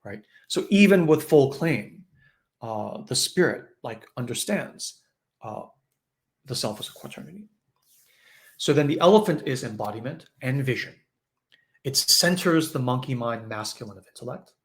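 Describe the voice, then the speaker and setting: A man's voice: medium pitch, lively intonation, normal speed. A man giving a conversational spiritual teaching in a live online session, often acting out quoted voices.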